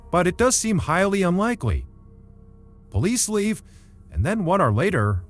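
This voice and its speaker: A man hosting a true crime podcast, telling the story in a casual, animated way and acting out the quoted voices. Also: mid-range voice. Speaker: podcast host.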